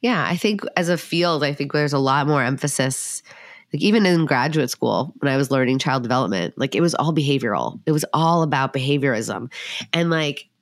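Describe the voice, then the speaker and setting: A woman host with a low voice, recorded dry and close with no room sound. She explains ideas thoughtfully, as a child therapist would, and uses frequent fillers. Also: lively intonation, fairly quick, no room sound. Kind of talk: casual podcast conversation.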